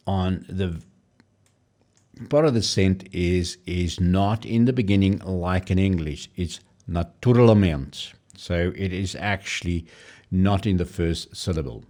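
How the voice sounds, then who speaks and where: Low-voiced man explaining pronunciation. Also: darkish tone. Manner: explanatory, pausing to demonstrate pronunciations. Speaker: language tutorial presenter. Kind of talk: casual screen-share tutorial.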